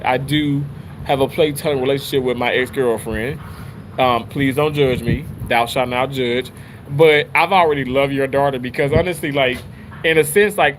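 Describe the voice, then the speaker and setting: A man hosting a casual livestream, chatting with viewers in an animated, rambling way, full of restarts. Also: slight background noise, rough recording. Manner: animated, rambling, with frequent restarts and pitch jumps. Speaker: livestream host reading chat.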